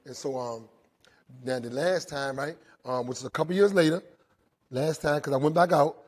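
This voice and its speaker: At a normal speed and a pitch on the high side, a middle-aged man tells his recovery story to inmates, speaking live inside the jail. He's earnest, echoes his own phrases, and tags nearly everything with "right?"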